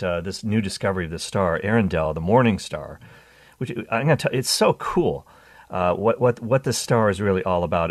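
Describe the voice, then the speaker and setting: A man hosting a Catholic radio talk show, talking with enthusiasm, restarting phrases and jumping in pitch on exciting points. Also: no room sound, clean studio sound. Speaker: radio host.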